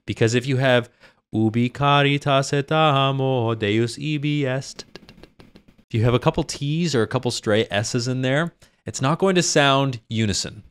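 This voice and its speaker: A singer in his thirties reacts to a choral performance, explaining the piece in casual commentary. His mid-range, fairly bright voice sounds enthusiastic as he explains slowly and sometimes sings short phrases to demonstrate a point.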